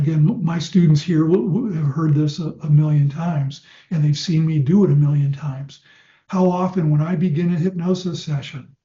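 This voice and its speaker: An older man gives a relaxed, anecdotal lecture on hypnosis to his trainees, his voice soft and mellow with a slightly raised pitch. The recording is dull and lo-fi, echoing around a roomy hall. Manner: conversational, anecdotal, slows for demonstration suggestions. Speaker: clinical hypnosis teacher.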